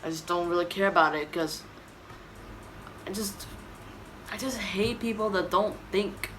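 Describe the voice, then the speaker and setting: A Texan-accented woman with a medium-pitched, slightly bright voice talks at a measured pace in a dim indoor room, recorded at low quality with slight background noise. Her YouTube vlog is casual and opinionated, rambling, weary, and full of self-corrections.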